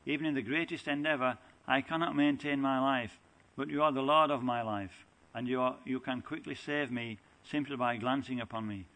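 A lovesick young goddess begs her beloved not to leave her, her words carried by a plain, earnest reading voice of middling pitch, as a man reads her part aloud. It is a scripture recitation, not stage acting. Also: fairly even intonation, normal speed, fairly bright tone, lightly acted, poor audio. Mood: pleading.

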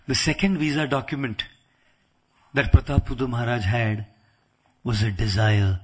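A man's voice: mid-range voice, steady tone, moderate pace, pauses often, husky. A man preaching a sermon, telling stories and acting out quotes with playful asides. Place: lecture venue in the UK.

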